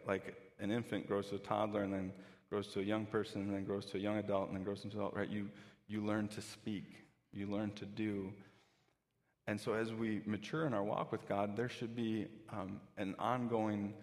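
A man's voice: fairly low pitch, a little mellow, in a large hall. A pastor giving a conversational sermon, often restarting his sentences.

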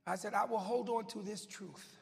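A man preaching a sermon as he tells a story, swinging from hushed whispers to loud shouting, with a loud, goofy manner. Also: high-pitched, steady tone, moderate pace, creaky. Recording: long hall reverb with faint music.

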